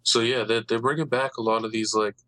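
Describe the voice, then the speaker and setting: A man's voice: mid-range voice, steady tone, fairly quick, sharp tone, no room sound, low-quality recording. A man hosting a casual podcast chat, rambling eagerly about comic books. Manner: rambling, eager comic-book fan talk.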